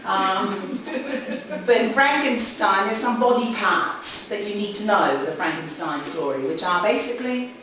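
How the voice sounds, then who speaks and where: Lively New Zealand woman in an echoey hall. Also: medium pitch, moderate pace, distant mic, background noise. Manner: chatty, jokey, animated with audience asides. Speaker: conference speaker for English teachers. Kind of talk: lively conference talk. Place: conference hall. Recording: echoey hall, speaker off-mic at times.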